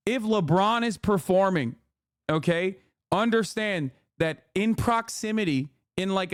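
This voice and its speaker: Brief: high-voiced male streamer, smooth clear tone, dry close mic, profane sarcastic rants. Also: no echo. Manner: profane, sarcastic mock-patriotic ranting. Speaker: streamer and political commentator. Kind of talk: casual livestream reaction chat.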